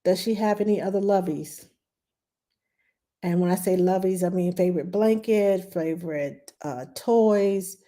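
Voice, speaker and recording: A middle-aged woman with a fairly low, unhurried voice works as a nanny and streams live parenting advice. Loose and conversational, she reads the audience's questions aloud and greets people warmly and brightly.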